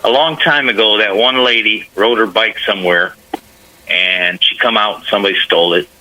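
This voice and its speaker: A man's voice: fairly low pitch, moderate pace, sharp tone, a little hiss or hum, rough recording. A man calling into a radio show, earnest and rambling, with a Northwest Indiana accent. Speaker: caller. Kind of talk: casual phone-in chat.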